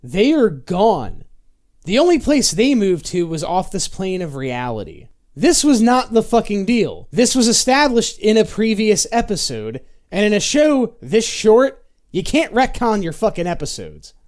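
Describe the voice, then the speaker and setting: A video reviewer narrates a sarcastic, profane comedy review of an old TV show in a mid-range, sing-song voice at a moderate pace. They sound exasperated and swear often.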